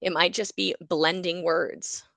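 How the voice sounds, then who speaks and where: This university psychology lecturer, a native English speaker, has a gravelly, creaky voice on the low side and an unhurried pace. She explains things vividly, acting out little examples as she teaches. The audio is close and dry, without any echo.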